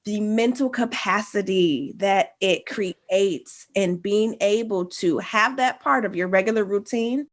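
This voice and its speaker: A woman's voice: medium pitch, measured pace, hardly any pauses. A woman hosting a podcast, affirming her guest with playful slang in a casual interview chat. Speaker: podcast host.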